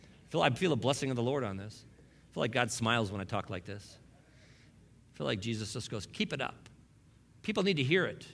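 A man's voice: mid-range voice, animated, quick pace, creaky, long pauses, a bit bright, a little hiss or hum. A man preaching a sermon as pastor, emphatic and fond of repeating key lines, with wry asides to the congregation.

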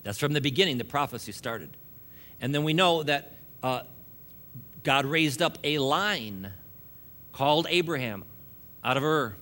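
A man's voice: medium pitch, expressive, unhurried, long pauses, bright, forceful tone. A man preaching a sermon, joking and laughing between points and building emphasis as he goes.

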